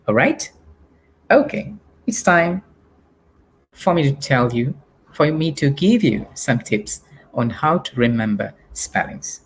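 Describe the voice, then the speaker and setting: A man's voice: medium pitch, very animated, slow, long pauses, a little hiss or hum. A Malaysian man teaching a live online English lesson, patiently drilling spelling and pronunciation for primary pupils.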